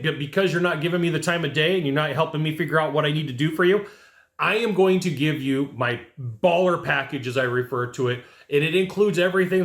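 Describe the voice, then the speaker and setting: A man's voice: fairly high pitch, a bit bright. Chatty male sales coach in a roomy room. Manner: conversational, acts out sales scripts, tags points with "right?" and "okay?". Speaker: sales trainer for HVAC technicians. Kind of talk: casual instructional talk to camera.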